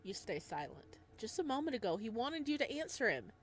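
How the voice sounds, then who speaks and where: A woman playing a game, reading its narration aloud and reacting excitedly, talking back to the character. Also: a little high, a little fast, slight background noise. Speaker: game player.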